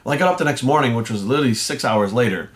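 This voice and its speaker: A fitness coach ranting bluntly and indignantly, swearing nonstop in casual talk. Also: male voice, medium pitch, very fast. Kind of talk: profanity-laced casual rant.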